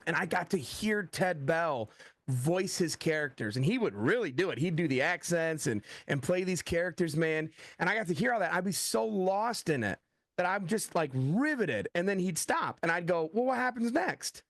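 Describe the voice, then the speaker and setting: An American man in middle age, an author of thrillers, talks casually in an interview, bringing his stories to life by performing the quoted lines and peppering in "like." His voice runs on the high side at a moderate pace, and there's no echo.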